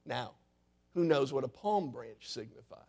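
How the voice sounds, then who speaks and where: A male pastor preaching a sermon in a church sanctuary, putting questions to the congregation and swinging from loud to hushed. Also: medium pitch, expressive, unhurried, gravelly, husky.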